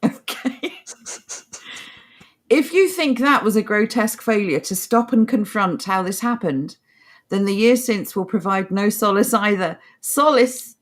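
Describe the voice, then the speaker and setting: A woman co-hosting a talk podcast, who reads passages aloud and breaks off to mock them. Her voice sits at an ordinary middle pitch, and her remarks come out dry and sarcastic. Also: lively intonation, a little slow. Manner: sarcastic, mocking commentary. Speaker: podcast co-host. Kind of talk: casual opinion chat, reading articles aloud.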